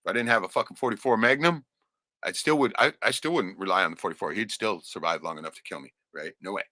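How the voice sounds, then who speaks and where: A man's voice: on the low side, fast talker, sharp tone, no room sound, clean studio sound. A middle-aged man telling stories from his life in a rambling, profane way, often ending lines with "right?". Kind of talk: casual storytelling.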